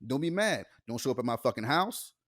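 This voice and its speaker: A man's voice: medium pitch, sing-song, a little fast, fairly bright tone. A man co-hosting a podcast in casual chat, blunt and profane, acting out what other people say. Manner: blunt and profane, acts out quoted speech. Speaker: podcast co-host.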